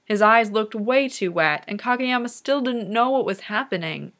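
A woman reading fan fiction aloud in soft, unhurried narration. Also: medium pitch, animated. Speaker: reader.

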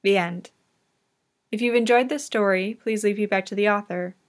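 A woman reads a fan audiobook in a calm, measured narration. Her voice sits at a middle pitch for a woman. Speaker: reader.

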